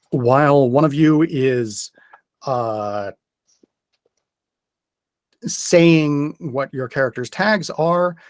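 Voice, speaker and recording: A male game master explains rules in a careful, hesitant, methodical way. His voice sits at a middle pitch for a man. The sound is dry and close, with little room. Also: no echo.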